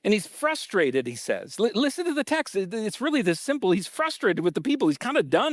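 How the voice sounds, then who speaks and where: A male pastor preaching a sermon in a casual, conversational way, reading scripture aloud and then explaining it with lively reactions. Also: sits high, a little fast, hardly any pauses, no room sound, clean studio sound. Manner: animated and conversational, acting out reactions.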